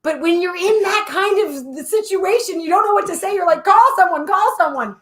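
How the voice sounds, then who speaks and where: A young woman telling a funny story in a casual live chat, animated and full of laughs. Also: very high voice, brisk. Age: young adult. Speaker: co-host.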